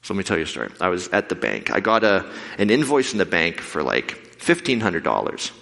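A man preaching a sermon with lively storytelling, acting out the voices of the people in his stories. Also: low-pitched, fairly quick, gravelly. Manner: animated, acts out quoted voices. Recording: long hall reverb.

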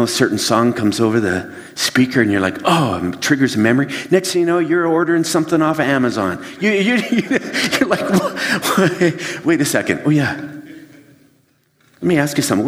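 A pastor giving a sermon, telling everyday stories with lively acted-out asides. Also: male voice, medium pitch. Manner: animated storytelling, acts out his own flustered inner voice. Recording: long reverb of a large hall.

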